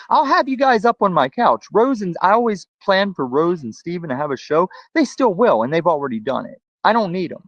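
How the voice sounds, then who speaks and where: A man's voice: on the high side, no room sound. A man on a livestream ranting mockingly and profanely about other people. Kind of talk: heated livestream rant. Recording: dull lo-fi sound.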